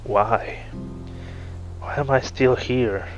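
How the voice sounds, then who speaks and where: A man's voice: medium pitch, steady tone, drawn-out words. U, grieving commander, read by a man. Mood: stunned. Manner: quiet, broken, questioning. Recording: muffled with faint music.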